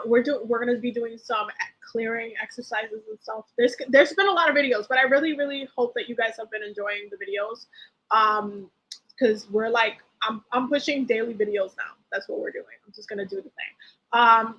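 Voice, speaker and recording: A woman's voice: a little high, moderate pace, highs cut off. A woman giving a casual live tarot reading, chatty and rambling with many fillers and restarts, acting out the feelings she describes. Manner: animated, acts out quoted feelings. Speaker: tarot reader.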